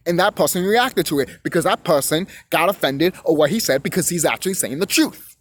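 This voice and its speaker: A man's voice: on the high side, lively intonation, fairly quick, a bit bright. A young man ranting to camera, rambling, repeating himself and cursing freely. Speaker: vlogger. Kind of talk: profane rant to camera.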